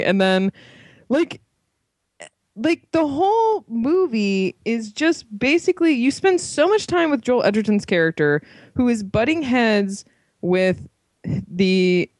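A woman's voice: on the high side, a little mellow, no echo, studio quality. A young woman co-hosting a podcast, chatting casually about a film, with lots of fillers and frequent laughs. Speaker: podcast co-host, film reviewer.

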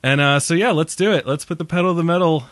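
A man's voice: a little high, quick pace, fairly bright tone, no echo. A tired man co-hosting a casual movie podcast, rambling and joking, laughing often. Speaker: podcast co-host.

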